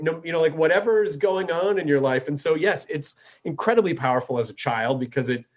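A middle-aged man with a fairly high voice hosts a loose conversation. He talks eagerly, with lots of filler words and casual swearing. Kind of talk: casual podcast chat.

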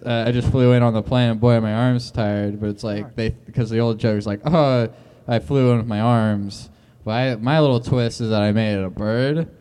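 A man's voice: mid-range voice, darkish tone, clear, resonant tone. Stammering man over-explaining his jokes. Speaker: comedian guest. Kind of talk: deliberately awkward stand-up bit.

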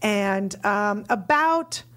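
A woman comedian telling stories as a podcast guest, animated and acting out the voices of the people in them. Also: medium pitch, drawn-out words. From United States. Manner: animated, acts out voices in quotes. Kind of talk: casual podcast storytelling.

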